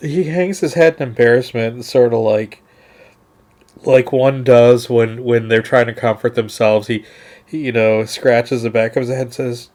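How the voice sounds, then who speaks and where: A man's voice: mid-range voice, steady tone, moderate pace, darkish tone. A man narrating as game master of a tabletop game, rambling with many fillers.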